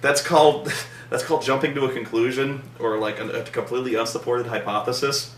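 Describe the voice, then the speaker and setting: A man's voice: mid-range voice, fairly even intonation, a little fast, roomy sound, far from the mic, a little hiss or hum. A man reviewing a film in casual chat, rambling with many fillers and repeats and a sarcastic edge. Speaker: movie reviewer, co-host.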